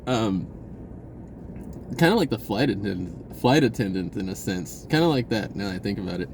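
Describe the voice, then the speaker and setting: A man's voice: on the low side, expressive, moderate pace, background noise. A man telling a personal story in a casual, rambling way, laughing often and acting out the voices of people in it. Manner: acts out voices in his retelling.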